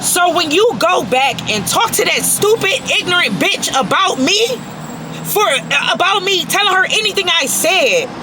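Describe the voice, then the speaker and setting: A woman's voice: very high voice, animated, normal speed, noisy background. A woman vlogger ranting angrily to camera, profane and emphatic, repeating herself for force. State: very angry. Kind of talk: angry personal rant to camera.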